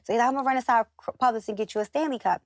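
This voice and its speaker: A woman's voice: on the high side, rapid-fire, no echo, clean studio sound. Chatty woman telling stories. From northern United States. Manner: chatty storyteller who acts out quoted voices. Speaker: guest. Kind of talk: casual interview chat.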